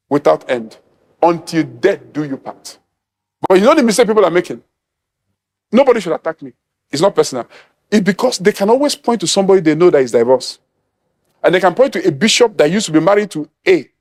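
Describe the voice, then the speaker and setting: A man's voice: sits high, lively intonation, fairly quick. A middle-aged man from Nigeria preaching an emphatic sermon, acting out quoted voices and laughing at his own points. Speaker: apostle preaching.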